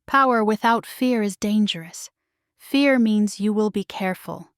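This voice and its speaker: A woman reading a romance audiobook voices a powerful male werewolf alpha, speaking quietly and firmly. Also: measured pace, clean tone, no room sound, studio quality, natural voice. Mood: tender. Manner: low, quiet, firm delivery. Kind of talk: scripted story narration.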